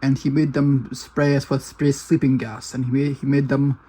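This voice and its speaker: A man doing a low, grumbling cartoon worker. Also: little pitch movement, normal speed, warm tone, husky, close to an everyday voice. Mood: explaining. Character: grumpy male cartoon worker, groggy and worried. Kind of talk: fan-made cartoon voice acting.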